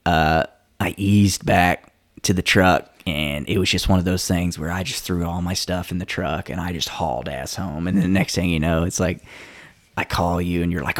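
A man with a notably low voice tells a story in a relaxed, conversational way. He loops through fillers and restarts and slips into other people's voices as he quotes them. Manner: animated storyteller who acts out quoted dialogue; loose and rambling, many fillers and self-restarts.

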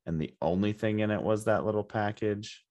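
A man's voice: lowish voice, brisk, a little mellow. A man co-hosting a casual book podcast, musing aloud with hesitant restarts. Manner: musing, hesitant, full of fillers. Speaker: podcast co-host. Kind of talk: casual book-discussion chat.

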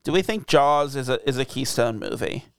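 A man's voice: mid-range voice, lively intonation, moderate pace, smooth, dry recording. A man co-hosting a podcast, chatting casually and crudely about movies, rambling and laughing. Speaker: podcast co-host. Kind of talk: casual movie-talk chat.

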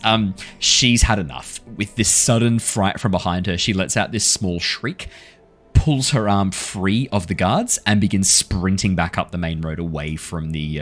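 Man, dungeon master, very low voice, playful narration, faint background music. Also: a bit bright. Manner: playful, laughing, loose storytelling. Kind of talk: narrating a tabletop game.

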